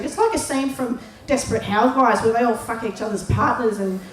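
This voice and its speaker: A woman's voice: fairly high pitch, brisk. An Australian woman comic doing a brash, profane stand-up routine full of ranting rhetorical questions. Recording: echoey live club recording.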